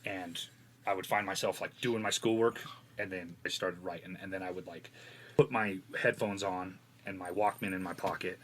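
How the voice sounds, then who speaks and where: A man's voice: low-pitched, steady tone, normal speed, slight background noise. A man from Wyoming, a guest musician telling long, rambling stories in casual podcast chat. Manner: rambling storyteller.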